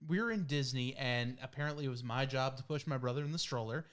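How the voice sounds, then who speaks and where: A man's voice: mid-range voice, fast, fairly bright tone, clear, resonant tone. Young man, chatty co-host. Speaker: podcast co-host. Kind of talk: casual storytelling.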